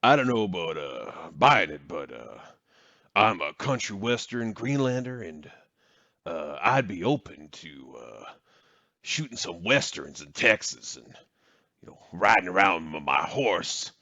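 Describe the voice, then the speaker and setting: A man voicing a dreamy cowboy-style male Greenlander in a slow, mocking drawl. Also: deep voice, big pitch swings, pushed and bright, no echo, highs cut off, pitched below the performer's own voice, full character voice.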